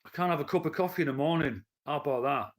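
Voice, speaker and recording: Fast-talking, with a male voice on the high side, this livestreamer and commentator vents to his chat from the living room in a blunt, profane, heated rant.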